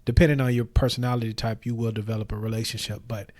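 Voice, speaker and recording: A man hosting, giving steady, earnest advice in a preacher-like manner. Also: medium pitch, fast talker, no room sound. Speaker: host. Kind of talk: advice commentary.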